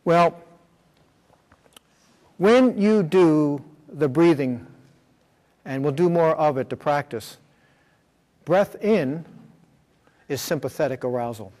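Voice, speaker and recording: A man's voice: fairly high pitch, animated, slow, long pauses, darkish tone. A man presenting a workshop with slides, explaining step by step with frequent fillers and check-ins. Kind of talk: lecture with slides. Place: school room. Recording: long hall reverb.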